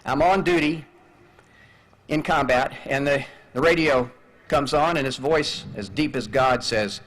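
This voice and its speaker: An older man stands at a graduation and tells a personal story, his voice sitting a little high for a man. He tells it in an animated way and acts out the radio calls he heard, like a seasoned speaker holding an outdoor crowd. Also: unhurried. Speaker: commencement speaker. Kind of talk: storytelling speech.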